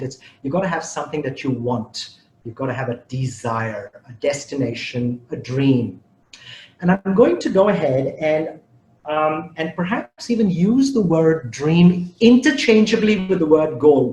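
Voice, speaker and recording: A man giving an animated motivational talk, playfully teasing the audience with questions and repeating and spelling out key words. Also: on the high side, reverberant, slight background noise, low-quality recording. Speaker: motivational speaker.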